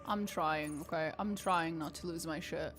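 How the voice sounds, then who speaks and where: A young woman with a low, slightly bright voice streams a game at a normal speed. Chatting with viewers, she swears often and gets exasperated.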